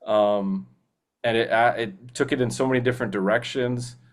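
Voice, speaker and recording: A man talks as a guest in a casual interview about acting and movies. He is eager and rambling, restarts his sentences often and reaches for fillers. His voice sits at an ordinary middle pitch. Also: steady tone. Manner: slips into quick movie-character impressions. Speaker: voice actor guest.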